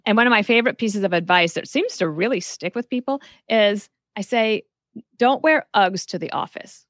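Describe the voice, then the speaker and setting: Woman, podcast guest, frank advice-giving, mid pitch, dry studio sound. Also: expressive, moderate pace, fairly bright tone, no echo. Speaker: guest author. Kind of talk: podcast interview.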